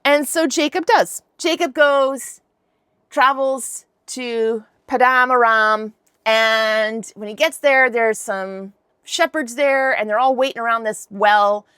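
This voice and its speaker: A woman hosting a podcast who retells scripture in a chatty, irreverent style full of slang. Her voice sits fairly high. The sound is close and dry. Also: slow pace, a bit bright, clear, resonant tone, no room sound. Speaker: podcast host. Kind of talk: casual Bible story retelling.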